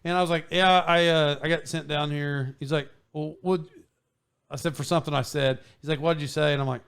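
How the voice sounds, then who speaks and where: A man hosting a podcast, telling a story in a casual, animated way with frequent laughs and restarts. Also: fairly high pitch, fairly quick, gravelly, clean tone. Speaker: podcast host.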